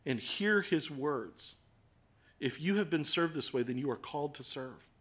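Male preacher, sermon delivery, high-pitched and bright, earnest. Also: expressive, a little slow, husky. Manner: earnest, swings from hushed to impassioned.

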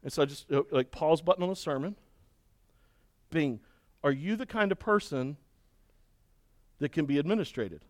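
A middle-aged man preaching a sermon and telling a story with lively, acted-out shouting and cheering. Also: fairly high pitch, normal speed, pauses often, dry recording, studio quality. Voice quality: balding. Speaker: pastor.

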